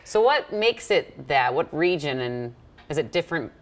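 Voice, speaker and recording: A woman's voice: sits low, very animated, normal speed, slight background noise. A woman news presenter interviewing a guest in a friendly, conversational way. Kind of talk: TV interview questions.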